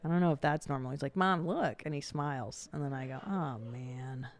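A woman's voice: a bass voice, normal speed. A woman hosting a podcast in a blunt, casual chat, swearing freely. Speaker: podcast host.

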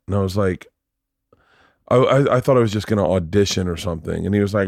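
A man's voice: lowish voice, fast, dry recording. Middle-aged guy rambling stories, swears a lot, does little voices, dry close mic. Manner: animated storyteller, acts out quoted voices, swears freely. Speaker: podcast guest, husband of host. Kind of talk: casual chat, storytelling.

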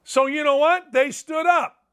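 Middle-aged male sports host, ranting and profane, high-pitched and edgy tone. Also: steady tone, measured pace, fairly bright tone. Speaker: sports talk show host. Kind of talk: opinionated podcast monologue.

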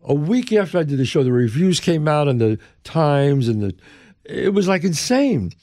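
A man's voice: fairly high pitch, moderate pace, no echo, studio quality. An older man from the Bronx with a New York accent, telling a story as an interview guest and acting out the people he quotes. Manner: lively, emphatic storyteller who acts out the people he quotes. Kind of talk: animated storytelling.

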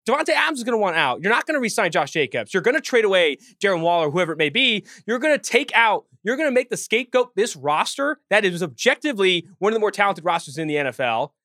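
A man co-hosting a sports podcast, his high voice bright and pressing as he rattles off arguments at speed. The sound is close and dry, with no room around it. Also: no echo. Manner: fast, heated ranting. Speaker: podcast co-host.

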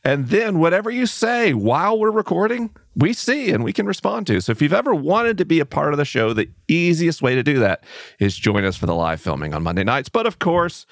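A playful male co-host with an animated, swooping voice, chatting casually on a live-streamed show. The sound is dry and close. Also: on the high side, fairly quick, dry recording. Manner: playful, talkative, expressive.

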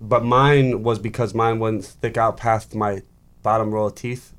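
A man guesting on a podcast, excitable and swearing as he chats. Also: lowish voice, unhurried. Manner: excitable, swearing, reacting loudly. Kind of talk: casual chat.

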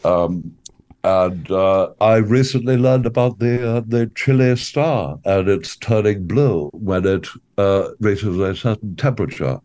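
A man playing a bumbling, earnest small-business entrepreneur in a comedy interview, speaking in halting stops and starts full of ums. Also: fairly low pitch, darkish tone, lightly acted. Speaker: interview guest.

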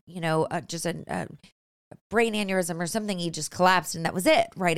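A woman's voice: medium pitch, clear, resonant tone, dry recording, studio quality. A young adult woman hosting an emotional interview, chatty and effusive, tearful at times. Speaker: host.

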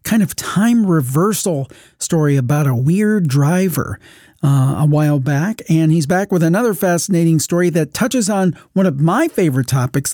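A male podcast host with a fairly high, mellow voice, welcoming a caller in a friendly, easygoing way. The sound is close and dry, with no room around it. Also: dry recording. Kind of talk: call-in show introduction.

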